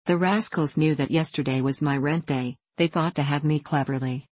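A woman narrating a classic novel in a measured storytelling reading. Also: deep voice, a little mellow, no echo, rough recording. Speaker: audiobook narrator. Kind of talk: scripted narration.

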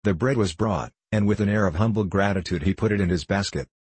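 A man reads classic literature aloud in a steady, formal, unhurried manner. His voice is low and somewhat husky, and the recording is close and dry with no room sound. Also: no room sound. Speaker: audiobook narrator. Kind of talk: scripted narration of a classic novel.

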